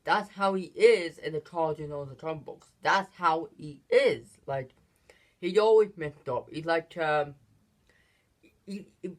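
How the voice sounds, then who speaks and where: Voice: mid-range voice, measured pace, long pauses. Casual movie review vlog, rambling host, lots of ums and restarts, frequent giggles. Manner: rambling, with many fillers and restarts; giggles often between phrases.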